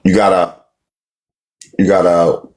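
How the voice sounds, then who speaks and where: A man's voice: low voice, flat delivery, takes it slowly. Dismissive man lecturing on a live stream. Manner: dismissive, lecturing, repeats himself. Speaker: livestream host. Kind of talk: combative live-stream chat.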